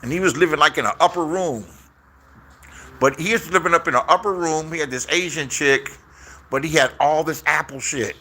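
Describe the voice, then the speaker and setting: A man's voice: fairly high pitch, fairly quick, bright, forceful tone. A man telling stories in a casual, rambling rant, swearing a lot and repeating his phrases.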